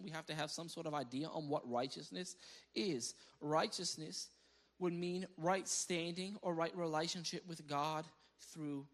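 A male pastor preaching a sermon, his voice pitched high and ringing bright. He moves between calm teaching and loud, emphatic preaching. He reads scripture aloud and tosses playful asides to the congregation.

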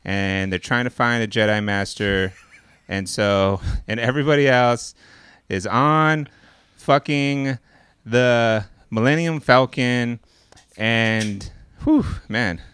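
A man's voice: medium pitch, takes it slowly, fairly bright tone, smooth, dry recording. A man co-hosting a podcast, casually retelling a movie plot in a rambling, profane way, full of "like" and "uh" and acted-out lines. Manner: rambling and profane, heavy on "like" and "uh", acts out characters' lines. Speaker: podcast co-host.

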